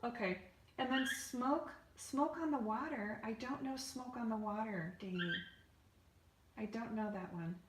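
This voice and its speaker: A woman's voice: fairly high pitch, unhurried, a little hiss or hum. A woman artist hosting a live painting stream, chatting casually and answering viewers' comments with lots of fillers.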